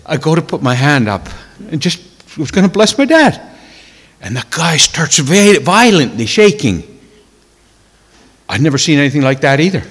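A man telling a personal testimony in a sermon, emotional and tearful, dropping to hushed whispers and rising to loud exclamations. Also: fairly high pitch, sing-song, normal speed, husky, long reverb tail. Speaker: preacher.

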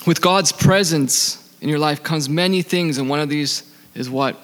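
Higher-voiced man preaching in a hall. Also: fairly bright tone. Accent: non-native accent. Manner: asks the audience questions and answers them; reads scripture slowly. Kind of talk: sermon.

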